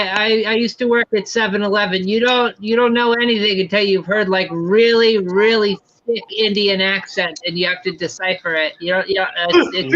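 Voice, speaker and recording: A man's voice: high-pitched, a bit bright. A man with a Maine accent in casual stream chat, restarting his sentences often. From Maine, United States. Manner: stammering restarts. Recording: dull lo-fi mic.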